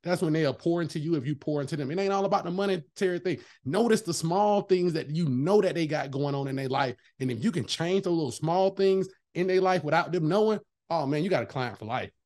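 A man chatting casually as a guest, an animated, emphatic storyteller who swears freely and slips into voices when quoting people. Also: fairly high pitch, brisk, few pauses. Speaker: veterinary technician guest. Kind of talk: casual chat.

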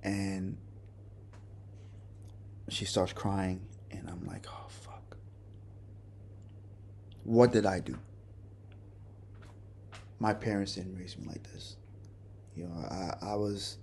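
A male podcast host telling a personal story in a halting, remorseful way, often restarting his sentences. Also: lowish voice, a little mellow, slight background noise. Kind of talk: personal confession monologue.

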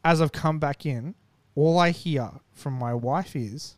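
Man, casual storytelling, swears freely, slightly high voice, dry close sound. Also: unhurried, no room sound. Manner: animated, profane, acts out quotes.

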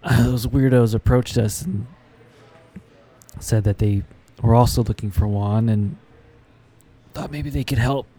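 A man running a tabletop game as game master, laughing often and pausing on fillers. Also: mid-range voice, fairly even intonation, warm tone.

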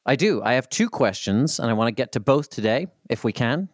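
A man co-hosting a casual podcast, relaxed and dryly joking, reading out listener questions. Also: medium pitch, a little fast, no echo, studio quality.

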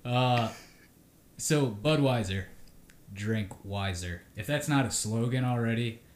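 A man co-hosting a casual podcast, pitching jokey ideas in a laid-back, trailing way. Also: slow pace, reverberant, slight background noise. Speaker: podcast co-host. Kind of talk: casual chat.

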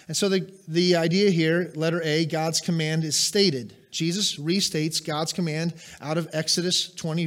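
A middle-aged man preaching a sermon, emphatic and asking the congregation questions. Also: fairly high pitch. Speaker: pastor.

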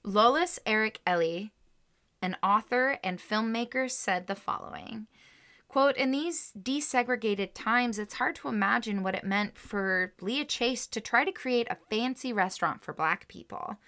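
A woman's voice: a little high, measured pace, a bit bright. A woman co-hosting a podcast, reading a researched story and quotes aloud, then reacting emotionally to them. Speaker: podcast co-host telling a story. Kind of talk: casual chat with read-aloud history and quotes.

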